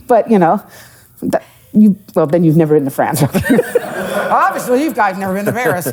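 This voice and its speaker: A woman's voice: medium pitch, moderate pace, husky. A middle-aged woman, an economic development executive, telling stories as a guest on a live podcast, with asides and jokes. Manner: animated storyteller, jokes and asides. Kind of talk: live podcast interview with audience.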